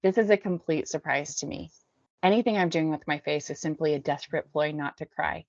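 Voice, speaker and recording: A woman from the Bay Area, a podcast guest, reading her memoir aloud in a measured, subdued way. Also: low-pitched, no echo. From San Francisco Bay Area. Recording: dull dry lo-fi recording.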